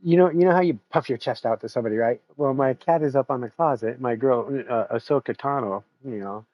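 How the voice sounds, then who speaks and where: A man's voice: medium pitch, a little fast, no room sound, lo-fi sound. A man hosting his stream, chatting casually in a rambling, profane way and laughing often. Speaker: streamer host. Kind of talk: casual chat after a sim race stream.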